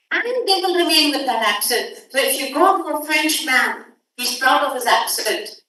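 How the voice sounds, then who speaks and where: A woman's voice: high voice, bright, forceful tone. Emphatic Indian woman lecturing in an echoey hall. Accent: Indian English. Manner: emphatic, questions the audience directly. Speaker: workshop lecturer. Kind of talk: academic workshop lecture. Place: conference hall. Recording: echoey hall, distant mic.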